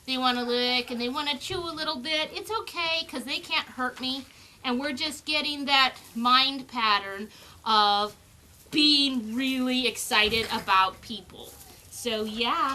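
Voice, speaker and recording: High, bright-voiced chatty woman. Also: lively intonation, a little slow, slight background noise. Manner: chatty, switching into sing-song baby talk with the pups. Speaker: dog breeder. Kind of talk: casual explaining while handling puppies. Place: outdoors on a farm.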